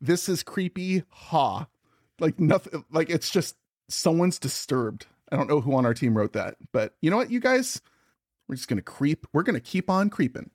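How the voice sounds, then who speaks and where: A man's voice: on the high side, very animated, normal speed, dry recording, clean studio sound. A man co-hosting a podcast in casual chat, playful and teasing. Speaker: podcast co-host.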